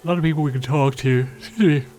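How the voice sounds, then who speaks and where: A man narrating his own gameplay in a chatty, wry way, full of jokes and asides. His voice sits at an ordinary pitch. Faint game music runs underneath. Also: fairly even intonation, racing, darkish tone. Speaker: gaming video host. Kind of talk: casual let's-play commentary.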